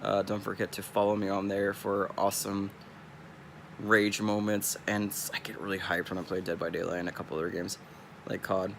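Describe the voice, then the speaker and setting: A man's voice: lowish voice, little pitch movement, brisk, creaky, a little hiss or hum. A young man from California with a Californian accent, rambling in a laid-back, casual vlog monologue. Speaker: streamer.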